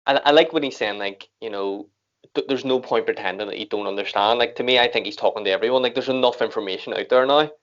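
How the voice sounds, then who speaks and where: A man's voice: mid-range voice, quick pace, a bit bright. An Irish man hosting a reaction video, chatting casually and rambling with lots of fillers and restarts. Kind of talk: casual chat. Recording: dull lo-fi audio.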